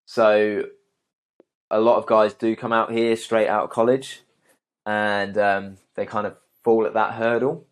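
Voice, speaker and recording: A young man, a guest arborist, answering interview questions in a relaxed way with many ums and restarts. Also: on the low side, unhurried, clean tone.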